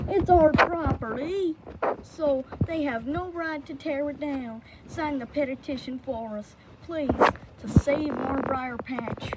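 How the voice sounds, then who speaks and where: Girl doing a high squeaky briar critter begging over and over, slow and dramatic, noisy room. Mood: pleading. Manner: begging, repetitive and melodramatic. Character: pleading female briar patch critter.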